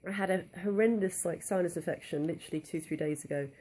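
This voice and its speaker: Young woman, candid chatty vlogger, mellow tone, slightly breathless and nasal from a cold. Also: on the low side, fast. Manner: candid, chatty, many "um" and "like" fillers. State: a bit out of breath, blocked nose from a cold. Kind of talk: casual talk to camera.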